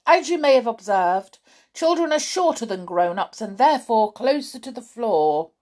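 Brief: smart young boy, brisk know-it-all explaining, lively pitch, put on by a woman. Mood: earnest.

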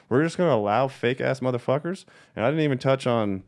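A man's voice: medium pitch, lively intonation, fast, a little mellow. A young adult man who breeds cannabis, giving a blunt, profane and heated rant in a casual video monologue, repeating his points for emphasis.

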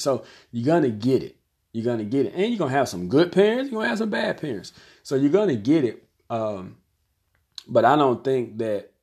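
A man in his thirties talks through his points in a loose, conversational way. He circles back and repeats his phrases. His pitch sits in an ordinary middle range, and he slips into quick impressions of other people now and then. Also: a little mellow. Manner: conversational, repeats phrases, acts out quoted voices. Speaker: basketball coach and commentator. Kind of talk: casual talk to camera, reviewing an article.

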